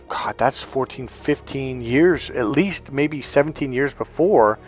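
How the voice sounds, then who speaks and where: A man's voice: mid-range voice, slow, faint music behind. Reflective man telling a personal story. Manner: reflective, conversational, with frequent restarts and fillers. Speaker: life coach.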